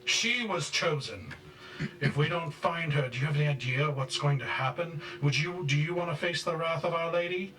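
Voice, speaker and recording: A man voicing a stern, zealous high priest and father who berates people loudly and slowly in a tabletop game. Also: reverberant, far from the mic, heavily acted. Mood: angry berating. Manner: loud, slow and berating.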